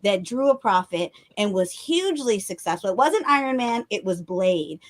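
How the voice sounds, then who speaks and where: A woman's voice: mid-range voice, lively intonation, normal speed. A woman co-hosting a podcast, retelling stories with enthusiasm and frequent laughter. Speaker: podcast co-host. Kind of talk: casual chat.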